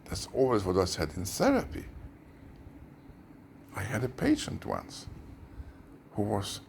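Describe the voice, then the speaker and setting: A man with a Swedish accent speaks in a low, gravelly voice that swings widely in pitch. He talks slowly and intensely, in a rambling, conspiratorial way, and now and then sinks into a whisper. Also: wildly swooping pitch, a little hiss or hum. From Sweden. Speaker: former therapist. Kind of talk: rambling monologue.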